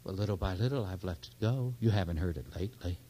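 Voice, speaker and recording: A man giving a sermon, swinging from loud, urgent exhortation to hushed, confiding near-whispers, with stories full of quoted dialogue. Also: low-pitched, fast, slight background noise, poor audio. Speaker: minister.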